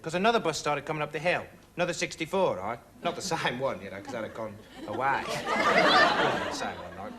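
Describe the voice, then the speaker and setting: An actor playing a rambling, dim young male amateur investigator in a comic monologue, meandering and deadpan, full of filler words. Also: a little high. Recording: TV studio audience laughter, noisy.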